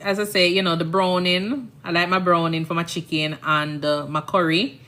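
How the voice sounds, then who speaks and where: A Jamaican woman chats casually on her livestream, her voice bright and forceful though pitched fairly low. She rambles through stories and keeps checking in with her listeners, asking if they understand. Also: little pitch movement, moderate pace. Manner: chatty, rambling, often asks "you understand?". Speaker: nurse and livestream host.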